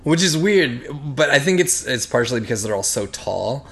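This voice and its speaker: A man's voice: mid-range voice, animated, moderate pace, creaky. A man in his thirties co-hosting a podcast, rambling in casual chat with dry joking asides. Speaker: podcast co-host.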